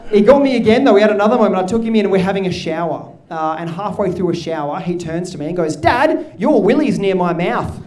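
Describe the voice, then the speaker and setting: A man doing stand-up comedy as the host of a live show, telling stories and building up to loud shouted hype for the next act. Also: high voice, fast, few pauses, reverberant, distant mic, a little hiss or hum. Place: comedy club stage.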